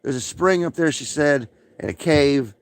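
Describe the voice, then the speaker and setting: A man's voice: fairly high pitch, moderate pace, dry recording. A man rambling profanely during a late-night livestream, with many fillers, smoking and coughing.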